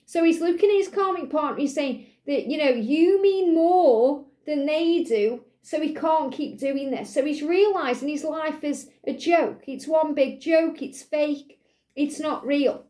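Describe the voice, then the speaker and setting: A woman's voice: sits high, normal speed, a little mellow. A woman giving an earnest channeled card reading, repeating and quoting a partner's message. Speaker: tarot and oracle card reader.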